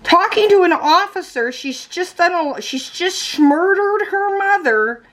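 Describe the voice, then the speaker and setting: A woman's voice: very high-pitched, animated, unhurried, a bit bright. A woman vlogging casually at home, reacting bluntly and swearing freely as she talks to her viewers. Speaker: lifestyle vlogger.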